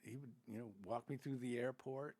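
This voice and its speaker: A man's voice: mid-range voice, fairly even intonation, moderate pace, a little mellow. An older man telling rambling stories as a podcast guest, full of restarts and asides. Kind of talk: casual storytelling.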